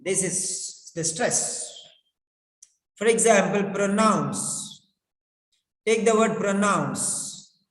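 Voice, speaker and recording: Male pronunciation teacher, slow and high-pitched, drilling words by repetition, long echoing reverb. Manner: deliberate, repeats words over and over to drill them. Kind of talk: classroom lecture with repetition drills. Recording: echoey room with long reverb.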